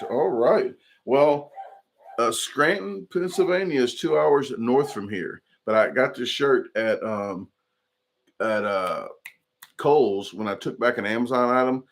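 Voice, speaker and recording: Brief: male streamer, mid-pitched, loose rambling chat with viewers. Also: unhurried, a little hiss or hum. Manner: rambling, chatty, reads chat comments aloud. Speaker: livestream host. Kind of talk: casual livestream chat.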